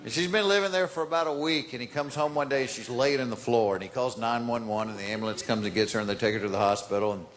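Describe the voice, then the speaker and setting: A male comedian telling a long joke in a drawn-out, deadpan way. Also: mid-range voice. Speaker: stand-up comedian. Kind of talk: storytelling joke.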